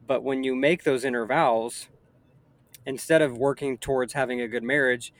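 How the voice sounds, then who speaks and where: A man's voice: medium pitch, fairly even intonation, normal speed. A man in his thirties chatting earnestly in a casual conversation, rambling with frequent restarts.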